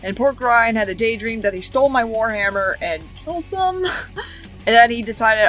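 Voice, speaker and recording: A woman's voice: a little high, lively intonation, normal speed, fairly bright tone, soft background music. A woman recapping cartoon episodes in a casual, rambling way, chaining events with "and then" and "like", with giggly asides. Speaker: show reviewer.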